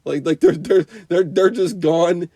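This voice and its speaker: A man's voice: sits high, steady tone, a little slow, mellow, no echo. A young man giving an unscripted, profane movie review rant, rambling with constant "you know" and "like".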